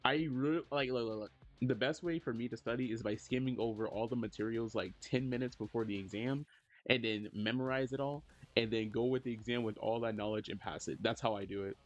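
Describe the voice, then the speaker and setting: A man's voice: fairly quick, highs cut off, faint music behind. Laid-back young man streamer chatting. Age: young adult. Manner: laid-back slangy talk, jumps high when teasing chat. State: low energy. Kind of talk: casual livestream chat reading messages.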